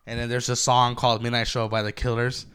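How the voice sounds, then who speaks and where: A man's voice: medium pitch, level tone, fast talker, crowd noise. A man with a cold, rambling through stories in a casual podcast chat, swearing freely and laughing often. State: congested from a cold. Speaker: podcast co-host.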